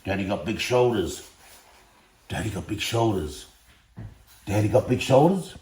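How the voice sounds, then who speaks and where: A man's voice: lowish voice, expressive, measured pace. A man putting words in the mouth of his pet dog, in a teasing, sing-song, repetitive way, in an echoey room with fan noise. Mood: playful. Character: pet dog boasting about its owner.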